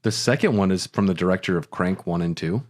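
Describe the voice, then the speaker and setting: A man's voice: deep voice, brisk. A man co-hosting a casual gaming podcast, reading spell descriptions and throwing in dry jokes and movie references. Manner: dry joking asides and pop culture riffs. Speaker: podcast co-host. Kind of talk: casual chat.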